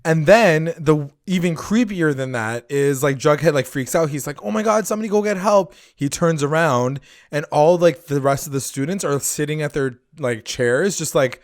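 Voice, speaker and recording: A man's voice: a little high, moderate pace, few pauses, dry recording, studio quality. A young man co-hosting a podcast, recapping a TV episode in casual chat, swearing often and acting out the characters' lines. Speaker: podcast co-host.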